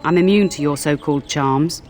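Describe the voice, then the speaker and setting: A woman voicing a cranky older castle cook in a fan dub, scolding and sharp-tongued. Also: low-pitched, moderate pace, soft background music, close to an everyday voice. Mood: grumbling. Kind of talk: fan voice acting over a game.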